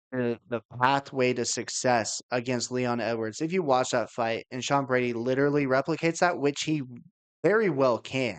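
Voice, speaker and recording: Smooth-voiced man giving measured analysis. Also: medium pitch. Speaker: podcast co-host making fight picks. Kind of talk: casual sports chat.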